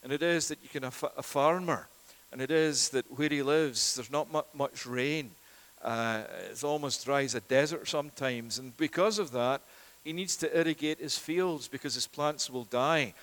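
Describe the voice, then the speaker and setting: A man preaching a sermon, earnest and emphatic, repeating key phrases for stress and dropping low on solemn lines. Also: normal speed, fairly bright tone.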